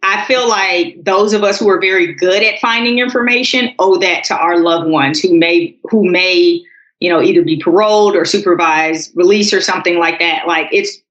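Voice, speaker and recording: Casting: woman co-host, calm storyteller, echoey, slightly dull podcast audio. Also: fairly low pitch, moderate pace. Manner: calm, storytelling, addresses listeners as y'all. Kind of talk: casual political chat.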